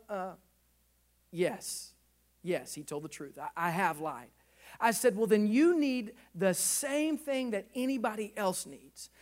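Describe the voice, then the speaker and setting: A man in his thirties, a pastor, preaching a sermon with animated delivery and acted-out dialogue. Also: very high voice.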